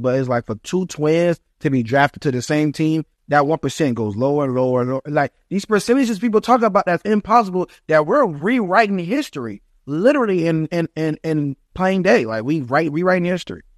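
Young guy, ex football player, chatty and excited, dry close mic. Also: on the high side, no room sound. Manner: animated, acts out quotes of family and fans. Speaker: former football player, guest. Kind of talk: storytelling interview.

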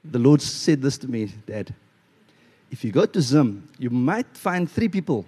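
Animated pastor preaching, mellow voice. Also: male voice, medium pitch, measured pace, slightly rough. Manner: animated, playful storytelling with acted-out voices. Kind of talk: sermon. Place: church.

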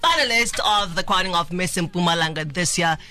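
A man's voice: high voice, a little fast, sharp tone. A man co-hosting a radio show in an upbeat, friendly way.

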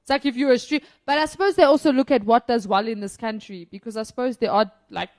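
A podcast co-host on a casual film review chat, this woman speaks fast in a voice on the high side. She's emphatic and opinionated and laughs often.

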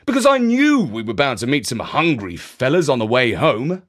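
A man's voice: mid-range voice, sing-song, moderate pace, fairly bright tone. A man playing a blunt, teasing uncle in a children's audio story, his tone matter-of-fact. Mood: cheerful.

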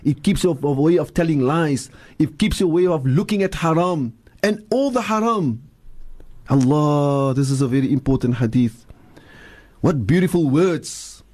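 An older man gives a preacherly talk as a sheikh on a radio show, and the talk sometimes turns into chanting. His voice sits somewhat high and sounds warm and mellow. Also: moderate pace. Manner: preacherly, switching into Afrikaans and leading chanted dhikr.

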